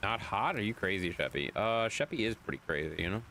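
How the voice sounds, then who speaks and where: A man's voice: on the low side, very animated, fairly quick, pushed and bright, slight background noise. A man streaming a game late at night, reading chat aloud in a chatty way, swearing now and then.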